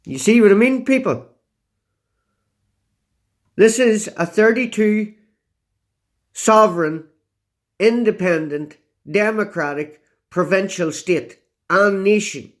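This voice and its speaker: A man speaks in a fairly high voice. He talks at an unhurried pace as he explains documents to his audience. He leans hard on key words and keeps checking in with "okay?" and "yeah?". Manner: punctuates points with repeated "okay?" and "yeah?"; emphatic, drawn-out delivery. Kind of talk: explaining documents to camera, addressing viewers.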